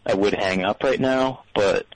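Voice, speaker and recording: A man from New Orleans calling in to a radio show, talking in a hesitant, deadpan way with many ums. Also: lowish voice, a little slow, no room sound, rough recording. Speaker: caller. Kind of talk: call-in radio chat.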